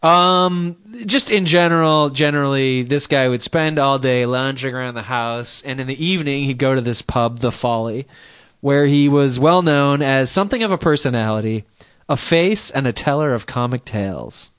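A man's voice: mid-range voice, normal speed, fairly bright tone, clean tone, no room sound, clean studio sound. A man co-hosting a podcast in casual chat, reading news stories aloud with joking asides. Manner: rambling, jokey, reads news aloud with asides.

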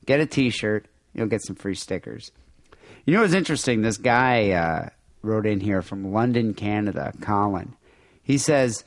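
A man's voice: lowish voice, a little slow, no room sound. A man with a nasal voice hosting a casual podcast, chatting and reading listener emails aloud. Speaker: podcast host.

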